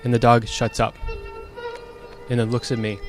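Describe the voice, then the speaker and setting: A young man with a mid-pitched voice tells a personal story off the cuff. He sounds frank and exasperated and swears freely, with faint music playing underneath. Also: completely flat delivery, normal speed. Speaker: streamer. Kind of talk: casual storytelling monologue.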